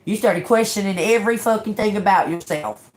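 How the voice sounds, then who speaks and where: A tarot reader hosting a livestream rants casually in a mid-range, fairly quick voice. She's animated, laughs often, swears freely, and plays out quoted conversations.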